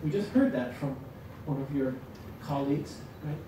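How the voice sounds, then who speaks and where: A man leading a teaching workshop, lively and joking as he demonstrates to the audience. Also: mid-range voice, moderate pace. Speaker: workshop presenter. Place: lecture room. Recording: echoey hall from a distance, noisy.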